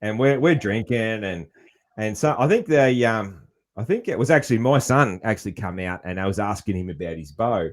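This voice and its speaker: A man's voice: lowish voice, animated, moderate pace. A man with an Australian accent hosting a podcast, telling stories in a laid-back, rambling way. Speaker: podcast host. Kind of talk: casual interview chat.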